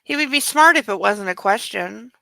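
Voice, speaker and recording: A woman's voice: mid-range voice, animated, moderate pace, vocal fry, pushed and bright, no room sound, low-quality recording. A woman reading a novel aloud and breaking off into sarcastic, exasperated asides, in a close home recording. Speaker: book club reader. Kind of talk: comedic book reading with commentary.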